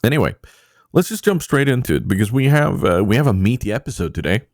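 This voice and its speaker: A man's voice: mid-range voice, sing-song, fast, darkish tone, no room sound, clean studio sound. A man hosting a casual podcast, rambling with many fillers and poking fun at himself. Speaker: podcast host.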